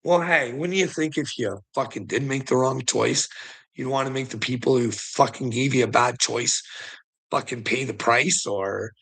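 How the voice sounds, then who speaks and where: A man's voice: mid-range voice, pushed and bright. A middle-aged man telling a heated, profane story in a casual vlog rant, laughing often between lines. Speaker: vlogger.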